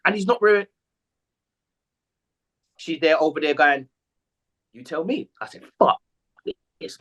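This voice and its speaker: A man's voice: fairly high pitch, a little slow, fairly bright tone. A man, co-hosting a casual football podcast, telling stories animatedly, acting out quotes and swearing freely. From England. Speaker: podcast co-host, former footballer. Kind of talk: casual chat.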